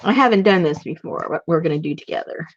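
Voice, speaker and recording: A woman's voice: low-pitched, lively intonation, fast, breathy edge, highs cut off. A woman hosting a casual craft livestream, chatty and laughing often at her own mess.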